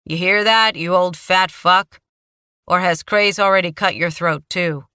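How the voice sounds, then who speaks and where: A woman voicing a cold, menacing young male killer who speaks in hushed, sneering threats. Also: low voice, little pitch movement, unhurried, vocal fry, no room sound, clean studio sound, heavily acted. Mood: shouting taunts.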